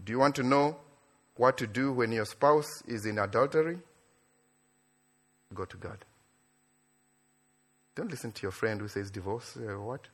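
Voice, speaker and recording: A man from Africa preaching a sermon in a church, animated, building to excited near-shouts and then dropping low and quiet. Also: unhurried, pauses often. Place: church in Australia.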